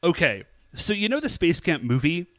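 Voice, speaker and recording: A man co-hosts a podcast and recaps an episode in casual chat. His voice sits a bit high and moves all over the place. The sound is close and dry, with no room in it. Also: sing-song, normal speed, no echo. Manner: chatty, laughing, acting out lines in quotes. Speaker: podcast co-host.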